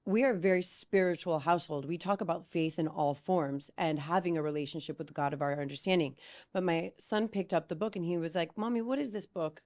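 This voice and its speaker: A woman guest on a podcast, telling family stories in a casual, animated way, full of "like" and "right?". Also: sits low, fairly quick. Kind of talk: casual storytelling chat.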